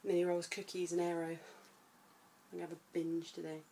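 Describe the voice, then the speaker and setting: A woman chatting casually in a home vlog, sometimes breaking into high baby talk. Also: completely flat delivery, brisk, vocal fry, warm tone, slight background noise, low-quality recording. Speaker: vlogger.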